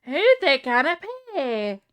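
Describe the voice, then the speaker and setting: A woman streaming live from home, talking with her chat in a relaxed, unhurried way. Her voice sits high. She is wry and self-mocking and slips into laughter often.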